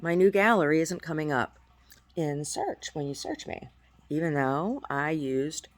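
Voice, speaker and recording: A woman's voice: low voice, lively intonation, a little slow. A woman speaks into her video diary in a loose, casual way. She sounds aggrieved and rambles, often stopping to restart her phrases. She is recording at home with her cats nearby. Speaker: video diarist.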